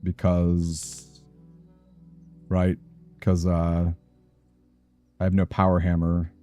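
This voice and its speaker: With soft background music underneath, a gaming streamer speaks very slowly in a low, warm monotone. He mutters anxiously to himself as he plans his moves during let's play commentary.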